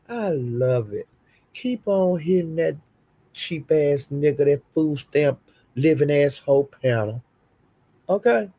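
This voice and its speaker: A middle-aged woman hosts a livestream with a gravelly, fry-heavy voice. She scolds and curses hard, and every line is emphatic. The sound is close and dry. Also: low voice, mellow, dry recording. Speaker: livestream host. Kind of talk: heated livestream rant.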